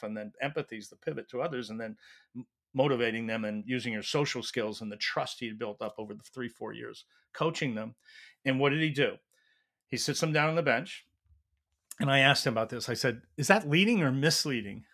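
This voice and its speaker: A man who is a leadership professor, a guest in an interview, telling stories in an animated way and acting out quotes. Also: mid-range voice. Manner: animated storyteller, acts out quotes. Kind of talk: storytelling interview answer.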